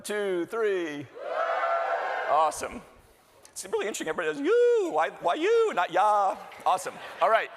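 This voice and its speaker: A man's voice: a little high, a bit bright, a little hiss or hum. Jokey man welcoming a big hall. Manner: jokey, chatty, works the crowd with questions. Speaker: executive director giving opening remarks. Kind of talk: live conference welcome speech. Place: large hall with live audience. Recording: long hall reverb.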